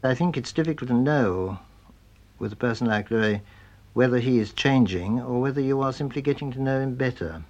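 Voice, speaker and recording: Man remembering a friend, thoughtful, pauses and hedges as he talks. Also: medium pitch, a little mellow, lo-fi sound. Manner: thoughtful, hedging, with frequent uh and I think. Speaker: friend recalling a colleague. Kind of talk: spoken reminiscence.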